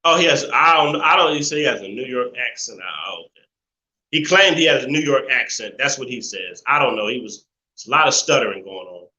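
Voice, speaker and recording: A man's voice: mid-range voice, animated, fairly quick, pushed and bright, roomy sound, muffled recording. A man hosting a live call-in stream, talking in an opinionated, preachy way and laughing often as he reads chat messages. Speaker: live show host.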